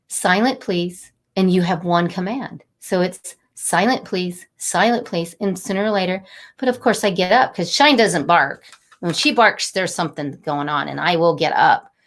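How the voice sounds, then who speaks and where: A middle-aged woman talking warmly and a little rambling as she encourages viewers during a live motivational stream. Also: on the low side. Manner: warm, encouraging, rambling and conversational. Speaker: angel card reader and inspirational host.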